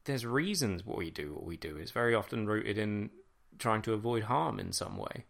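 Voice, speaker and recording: Low gravelly guy riffing on a tv episode, swears a lot, laughs a bunch. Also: expressive, normal speed, fairly bright tone. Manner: chatty, swears freely, laughs often. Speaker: commentator reviewing a TV episode. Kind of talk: casual spoken commentary.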